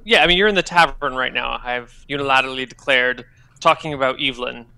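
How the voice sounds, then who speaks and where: A man narrating a tabletop game as game master and prompting the players in a relaxed way. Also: mid-range voice, quick pace, vocal fry.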